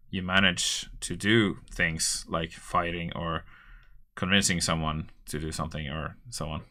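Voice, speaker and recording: A man's voice: low-pitched, pushed and bright. A man chatting casually as a host, rambling loosely with many fillers. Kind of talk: casual chat.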